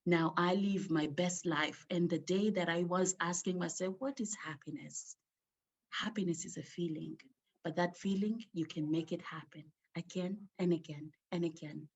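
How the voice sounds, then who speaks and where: A woman with a somewhat low voice shares a personal story at an online gathering. She speaks emotionally and with emphasis, drawing out key words. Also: steady tone, moderate pace, slightly rough.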